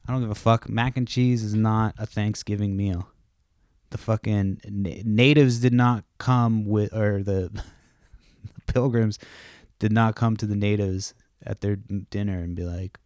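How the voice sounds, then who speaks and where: With a lowish, slightly mellow voice, a man in his thirties podcasts from his home while kids are nearby. He swears a lot, rambles, and keeps cutting himself off for tangents, all in studio-quality sound without echo.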